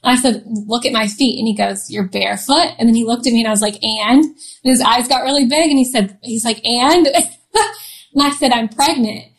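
A woman's voice: fairly high pitch, quick pace, rough recording. A woman in her thirties, a podcast guest, telling a personal story in a chatty way with frequent laughs and restarts. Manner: chatty, laughs often, many fillers and restarts. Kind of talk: casual storytelling in an interview.

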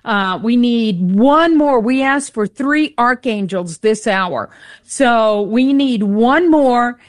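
A woman co-hosting a radio pledge drive, upbeat and teasing, repeating the phone number slowly for listeners. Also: on the high side, dry recording, studio quality. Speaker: radio fundraiser co-host.

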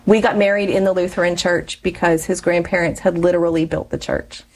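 A woman's voice: on the low side, fairly even intonation, fairly quick, poor audio. A woman in her forties, a guest in an interview, telling a personal story in a chatty way and laughing often between phrases.

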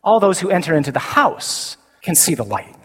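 A man, a Catholic priest preaching a sermon to a men's conference, animated, swinging from loud emphasis to slow, quiet declarations. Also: sits high, slightly rough. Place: large conference hall. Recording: reverberant conference hall.

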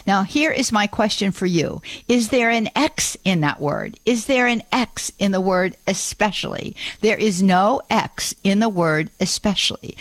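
A woman's voice: mid-range voice, no echo. Chatty, upbeat woman radio host. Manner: chatty and upbeat, laughs often, repeats phone numbers slowly. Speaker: radio call-in show host. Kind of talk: live call-in radio talk. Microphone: studio microphone. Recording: dry studio sound.

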